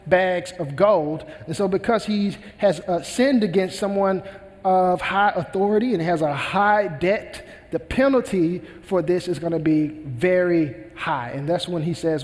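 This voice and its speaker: Male pastor, high voice, earnest emphatic sermon delivery, long church-hall reverb. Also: unhurried, darkish tone. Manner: earnest preaching, retells a parable with emphatic repetition.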